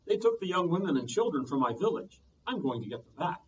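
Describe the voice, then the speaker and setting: A man's voice: a little high, very animated, fast talker, slight background noise, voice pushed up. A man voicing a lazy but strong boy hero with an easygoing drawl, heard from a distance on muffled audio.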